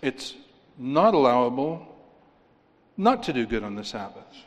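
A man preaching a sermon, rising for key points and dropping low and quiet for stress. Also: sing-song, unhurried, long reverb tail. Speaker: pastor.

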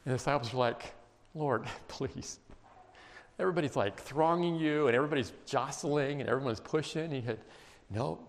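A man preaching a sermon, emphatic and emotional, dropping to quiet intense passages. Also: mid-range voice, quick pace, few pauses. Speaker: pastor. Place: church sanctuary. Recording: long reverb of a large hall.

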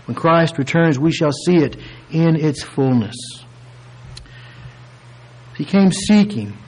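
Male preacher, higher voice, earnest and deliberate sermon delivery that stretches key words. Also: animated, darkish tone, low-quality recording. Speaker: pastor.

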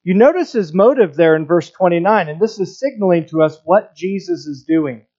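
A man's voice: high-pitched, expressive, moderate pace, darkish tone, dull audio. A man preaching a sermon, earnest, often repeating words and restarting his phrases. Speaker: pastor.

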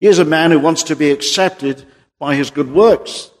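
Preacher in an echoing hall. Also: male voice, moderate pace. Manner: impassioned, rising to high emphatic peaks then dropping low and quiet. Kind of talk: sermon. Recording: long reverb of a large hall.

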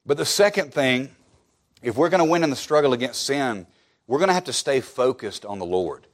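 A man preaching a sermon, emphatic and repetitive, firing off rhetorical questions and dropping to soft, low asides at the ends of phrases. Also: expressive, a little fast.

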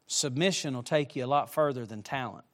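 A middle-aged man preaching to young people, with emphatic direct appeals and shifts between soft asides and loud, rising emphasis. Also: medium pitch, brisk. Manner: emphatic, repeatedly urging listeners with direct appeals. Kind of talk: sermon to a youth congregation.

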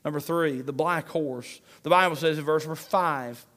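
A man's voice: fairly high pitch, moderate pace, few pauses, a bit bright. A man preaching a sermon, emphatic and repeating key phrases to his congregation.

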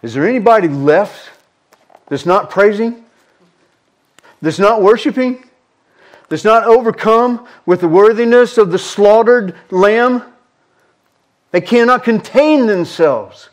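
Male Southern US preacher, high-pitched, fervent, slow, repetitive emphasis. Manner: fervent, repeats words for emphasis. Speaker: pastor. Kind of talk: sermon.

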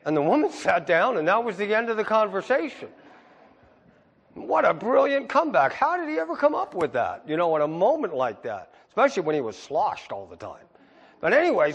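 A man preaching a sermon as pastor, moving from low asides to high, emphatic peaks. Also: very animated, brisk, vocal fry, long reverb tail.

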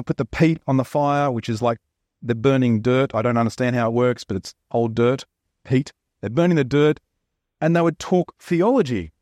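A man's voice: medium pitch, darkish tone, dry recording, studio quality. A man with an Australian accent preaching a sermon, telling stories and jokes in a chatty, conversational way. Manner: chatty, joking storyteller. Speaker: pastor.

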